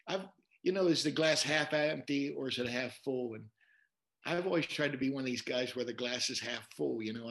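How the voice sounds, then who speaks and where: A man's voice: mid-range voice, creaky. A man, a pastor, speaking as an interview guest, talking in a conversational preaching way and quoting scripture as he tells stories. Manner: animated storyteller, repeats words while quoting scripture.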